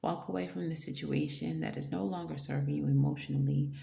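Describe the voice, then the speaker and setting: A woman giving a casual tarot reading, blunt and playful, swearing now and then between soft fillers. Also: low-pitched, steady tone, brisk, creaky, roomy sound. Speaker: tarot reader.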